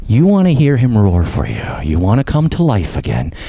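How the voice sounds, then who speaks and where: A man preaching a sermon as pastor, impassioned and dropping low for emphasis. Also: huge pitch swings, normal speed, vocal fry, warm tone.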